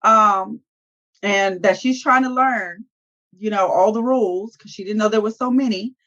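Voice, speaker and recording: A woman's voice: mid-range voice, normal speed, a bit bright, dull audio. A woman co-hosting a casual reality-TV recap show, retelling scenes with profanity and acted-out quotes. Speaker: co-host.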